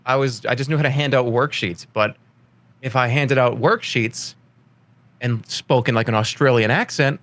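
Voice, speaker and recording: A man's voice: normal speed, fairly bright tone. A man in his thirties from Boston with a light Boston accent, a rambling, jokey interview guest. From Boston, Massachusetts. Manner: rambling, jokey, slips into high put-on voices for quotes. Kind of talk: casual interview chat.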